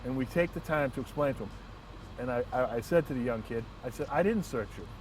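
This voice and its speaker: Man, police officer, earnest measured storytelling, frequent restarts, slightly distant mic, faint street noise. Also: mid-range voice. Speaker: transit police lieutenant. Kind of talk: first-person anecdote and reflection.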